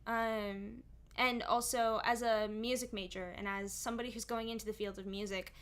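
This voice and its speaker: Bright-voiced chatty young woman. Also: on the high side, steady tone, moderate pace, smooth. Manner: chatty, explaining at length with many asides. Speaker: singer and streamer. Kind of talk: casual stream chat.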